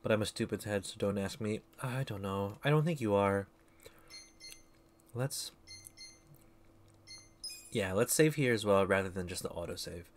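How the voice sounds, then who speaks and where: A man's voice: on the low side, moderate pace, pauses often, slight background noise. Rambling self-deprecating male streamer. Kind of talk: casual gameplay commentary.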